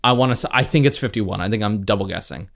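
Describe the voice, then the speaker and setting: A man co-hosting a book podcast in casual chat, mostly laid-back but prone to loud, squeaky outbursts. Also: fast talker, vocal fry. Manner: laid-back, with sudden high-pitched outbursts. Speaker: podcast co-host.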